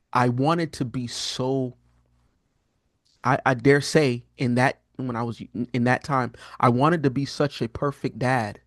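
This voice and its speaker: A man in his thirties tells a story from his own life in a casual, heartfelt way. His pitch sits in the middle but leaps up when he acts out his own words, and he often stumbles and restarts. The sound is dry and close, with no room echo. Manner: animated, rises sharply in pitch when quoting himself; frequent fillers and restarts, earnest and candid. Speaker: podcast guest, prophetic teacher.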